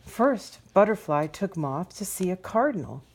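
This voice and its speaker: A woman reading a children's picture book aloud as a storyteller, gentle and expressive. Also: mid-range voice, normal speed.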